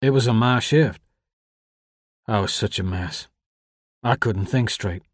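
Male reader as a guilt-ridden man, slow, halting, quiet, dry read. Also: on the low side, no echo. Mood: troubled. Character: shaken middle-aged man, guilt-ridden.

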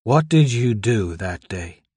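A man's voice: fairly low pitch, lively intonation, slow pace, darkish tone, slightly rough, dry recording, exaggerated voice. A man doing a bitter, seething man. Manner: clipped, seething. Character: angry, bitter grown man demanding truth.

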